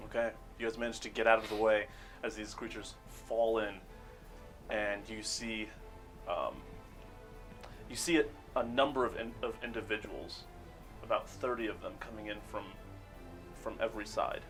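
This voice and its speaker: Game master, male, lowish voice, relaxed storytelling with fillers and restarts. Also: soft background music. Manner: unhurried, searching for words with many fillers. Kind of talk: narrating a tabletop game.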